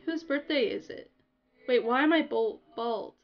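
A young woman chatting casually to her viewers while playing a game on a livestream, giggly and excitable. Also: a little high, a little slow, highs cut off. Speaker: gaming livestreamer. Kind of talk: casual livestream chat over gameplay.

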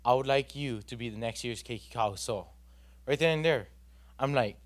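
A man's voice: mid-range voice, moderate pace. A young man, giving an earnest, rambling personal testimony at a church youth gathering, full of fillers and restarts.

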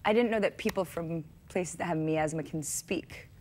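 A woman's voice: on the low side, moderate pace, darkish tone, slight background noise. A woman guest on a talk show, flirting and telling stories with lots of giggles. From Sweden. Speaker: actress guest.

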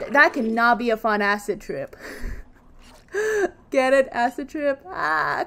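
A woman giving let's play commentary on a game she is playing, excitable, with loud exclamations, gasps and casual swearing. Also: fairly high pitch, slow pace, slight background noise. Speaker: gaming video creator. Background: faint game music.

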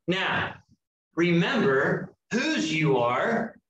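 A man preaching a sermon, slow and emphatic with dramatic pauses. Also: fairly high pitch, a bit bright, slight background noise. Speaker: pastor. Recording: echoey room heard from a distance.

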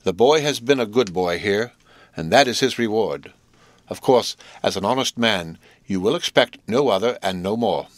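A cold, commanding old lady, voiced by a male audiobook reader, each word slow and emphatic. Her tone is stern and unhurried. The recording is dry and close. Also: lowish voice, lively intonation, fairly bright tone, dry recording. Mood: curt. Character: old wealthy eccentric woman, stern and cold. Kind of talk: audiobook reading.

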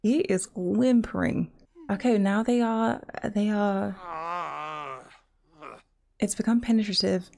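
A young woman giving crude, excitable running commentary while she plays a life-simulation game. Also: medium pitch, slow pace, vocal fry, long pauses. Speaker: gaming streamer. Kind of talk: casual let's-play commentary.

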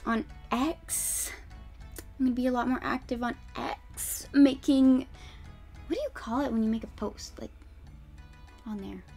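A woman's voice: a little high, unhurried, pauses often, darkish tone, breathy edge, soft background music. A young woman streamer chatting casually and rambling, with frequent giggles and fillers. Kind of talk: casual live-stream chat.

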